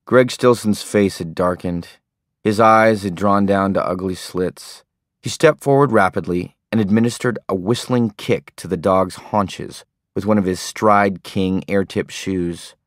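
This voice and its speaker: A man narrating an audiobook in a steady, understated way. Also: low-pitched, measured pace, dry recording, clean studio sound. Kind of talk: scripted narration.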